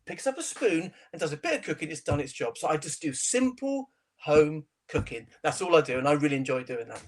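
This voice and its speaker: A middle-aged man with a high voice that leaps all over the place as he spins his anecdotes. He laughs often and keeps the chat light and animated, like a seasoned TV chef sitting down as a guest. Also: fairly quick. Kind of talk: casual interview chat.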